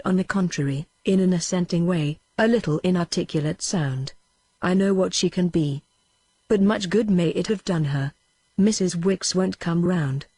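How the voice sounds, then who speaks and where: A synthetic woman's voice with a British English accent reading a novel aloud as an audiobook, at an even, steady pace. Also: lowish voice, no room sound. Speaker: audiobook narrator.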